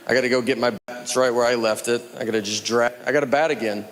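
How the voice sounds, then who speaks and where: A man from Tennessee with a Southern accent, doing a slow, deadpan stand-up routine. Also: medium pitch. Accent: Southern American. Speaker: stand-up comedian. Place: comedy club stage with laughing audience.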